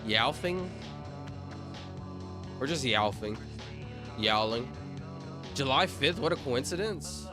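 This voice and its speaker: A man's voice: medium pitch, lively intonation, slow, long pauses, over music. A man chatting casually on a livestream, rambling and interrupting himself while reading chat aloud.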